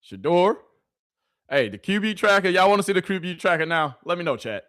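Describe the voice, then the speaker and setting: A man's voice: high voice, brisk, no room sound. Male live-stream host, chatty and repetitive, dry close sound. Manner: animated, repeats phrases, talks to chat. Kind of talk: casual live-stream commentary.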